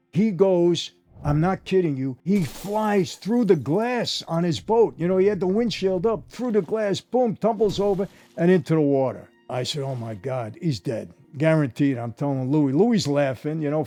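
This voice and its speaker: Un homme âgé à l'new-yorkais raconte ses souvenirs d'une voix plutôt haute pour un homme mais au timbre chaud et sombre. Il parle de façon vivante et familière, en interpellant sans cesse son public. On entend une légère musique en fond. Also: male voice, fairly high pitch, moderate pace, faint music behind. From New York. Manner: animated, addresses listeners directly, repeats "I gotta tell you". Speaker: former mobster telling stories. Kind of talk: casual storytelling monologue.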